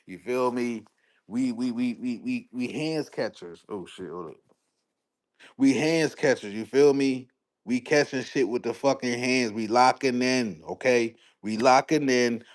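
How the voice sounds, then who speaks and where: A young man hosting a casual live stream, talking sports in a slangy, animated way and answering his chat. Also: mid-range voice. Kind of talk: casual livestream sports commentary.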